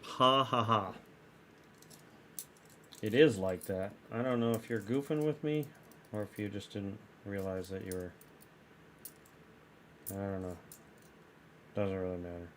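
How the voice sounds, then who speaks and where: A man's voice: on the low side, measured pace, long pauses, fairly bright tone, slight background noise. A man streaming live, chatting casually with his viewers in a rambling way and often restarting his sentences. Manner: rambling, self-correcting, chatty.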